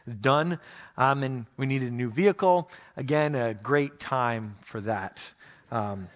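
A man, a pastor, preaching a sermon with animated, self-mocking storytelling and playful complaints to God. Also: mid-range voice, measured pace.

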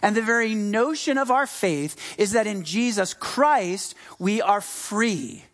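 Middle-aged pastor from the US, sermon, chatty delivery, emphatic repeats, medium pitch. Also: expressive, takes it slowly, fairly bright tone. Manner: conversational, with frequent fillers and restarts; emphatic, repeating key phrases.

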